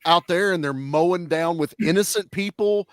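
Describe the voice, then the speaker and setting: Blunt, profane man, fairly high voice. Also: moderate pace, no echo, studio quality. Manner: blunt, profane, animated storytelling. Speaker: panelist reviewing a film. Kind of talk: casual chat.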